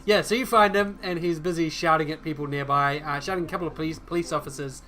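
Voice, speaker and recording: Bright-voiced game master, halting. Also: male voice, fairly high pitch, steady tone, a little hiss or hum. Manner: halting, with many fillers and laughs. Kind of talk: narrating a tabletop game.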